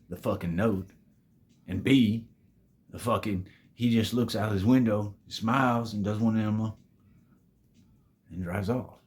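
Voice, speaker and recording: This time the man's voice sits lowish with a darkish tone as he casually recounts a storytime tale for his viewers. Relaxed and full of cursing, he keeps addressing them as "babies."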